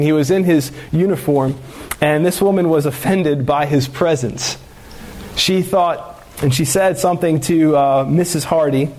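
Male pastor, higher-pitched, earnest sermon delivery with fervent exhortation. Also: a little mellow.

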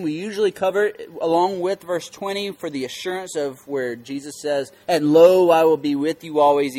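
Male pastor, slightly raised pitch, teaching scripture with strong stress and questions to the room. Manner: emphatic, repeats key words and quizzes listeners. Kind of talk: interactive Bible teaching.

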